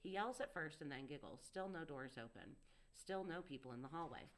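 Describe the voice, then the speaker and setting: A woman narrating a first-person audiobook in a steady, intimate storytelling manner. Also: low-pitched, fairly quick.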